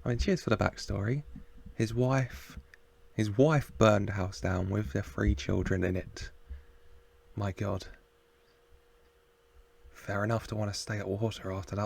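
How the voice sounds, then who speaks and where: A man's voice: on the low side, steady tone, slow pace, vocal fry, pauses often. A man casually reacting to a TV episode, chatting, laughing and muttering asides to the screen. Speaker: reaction video host.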